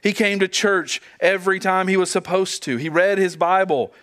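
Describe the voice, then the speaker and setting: A man's voice: sits high, moderate pace, a bit bright. A man preaching a sermon as pastor, earnest, asking his listeners rhetorical questions and often repeating words as he goes.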